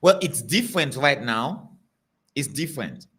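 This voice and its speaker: A man preaching to a congregation, telling stories in an animated, repetitive way. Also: mid-range voice, unhurried. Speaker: pastor.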